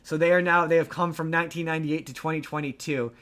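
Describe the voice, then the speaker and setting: A man with a fairly high voice recaps a film on a podcast. He rambles, restarts his sentences and lurches from one plot point to the next. His telling is loose, chatty and animated. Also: fast talker. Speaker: podcast co-host. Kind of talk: casual movie recap chat.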